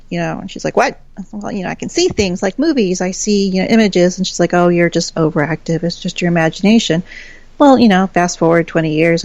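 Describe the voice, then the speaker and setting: A woman's voice: medium pitch, vocal fry, a little mellow, no echo. A woman from Texas, a guest in a casual chat, telling stories with lots of laughs and acted-out quotes. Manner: chatty storyteller, laughs often, acts out quoted voices. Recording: dull lo-fi call audio.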